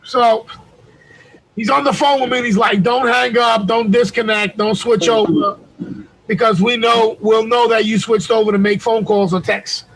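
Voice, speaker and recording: A man with a high, gravelly voice tells a long, foul-mouthed story over a video call. His tone is bright and sharp, and he raises his voice to act out each phone exchange. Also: normal speed, rough recording. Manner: profane, animated storytelling, shouts when reenacting. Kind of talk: casual chat.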